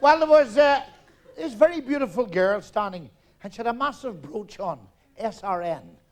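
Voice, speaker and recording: This is a middle-aged man doing live stand-up. He speaks in a high, lively voice and delivers quick, brash punchlines. He slips into each character as he tells the joke. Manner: rapid-fire punchlines, loud and brash, acts out characters. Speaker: stand-up comedian. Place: theatre stage, audience laughter.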